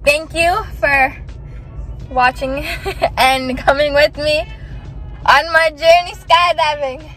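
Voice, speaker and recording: A woman in her twenties, hoarse from screaming, chatting excitedly in a casual vlog and laughing between thoughts. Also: sits high, slow pace, long pauses, faint music behind. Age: 20s. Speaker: vlogger.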